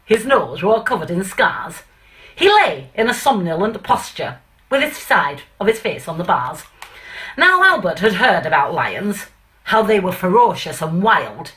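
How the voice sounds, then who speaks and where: Bright, lively woman reciting a comic poem. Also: mid-range voice, unhurried. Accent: put-on northern English. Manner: chatty, hesitant intro with many fillers. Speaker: reader of a comic monologue poem. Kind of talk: reciting a comic monologue in a put-on northern accent.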